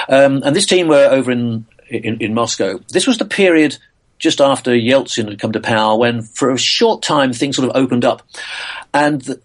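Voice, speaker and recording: An older man from England, a physicist guest, answering interview questions in a thoughtful way, full of pauses, uhs and restarts. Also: mid-range voice.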